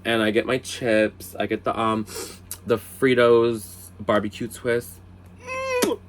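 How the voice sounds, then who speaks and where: A man telling a casual storytime vlog from his bed, animated, jumping high for quoted lines and exclamations, then dropping into quiet asides, a little tipsy. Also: slow pace, slight background noise. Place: bedroom, sitting on the bed.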